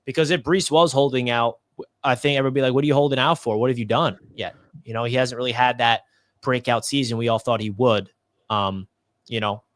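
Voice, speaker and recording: A man's voice: medium pitch, dry recording, clean studio sound. A man on a casual podcast panel, giving confident, emphatic football analysis. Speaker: Jets fan panelist.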